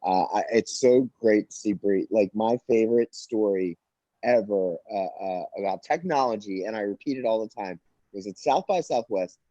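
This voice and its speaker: A man's voice: lowish voice, moderate pace, warm tone, no echo. A man on a casual video call, rambling and self-mocking, stammering through restarts. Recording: dull lo-fi video call audio.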